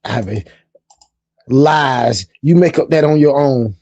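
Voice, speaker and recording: A man's voice: mid-range voice, takes it slowly, darkish tone, dry recording, muffled recording. A man hosting a casual hobby live stream, chatting in a laid-back, talkative way and often repeating his phrases. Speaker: livestream host.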